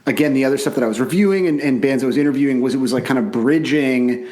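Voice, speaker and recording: A man's voice: medium pitch, fast talker, darkish tone. Podcast co-host, man in his thirties, from Canada; rambling, self-deprecating, swears freely; remote call mic. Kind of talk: casual podcast chat over a call.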